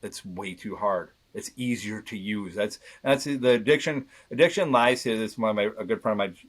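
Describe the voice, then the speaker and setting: A man's voice: lowish voice, moderate pace. A man in his thirties, a podcast guest, speaking candidly and earnestly, often restarting his sentences. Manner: earnest, rambling with many restarts. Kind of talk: candid conversation.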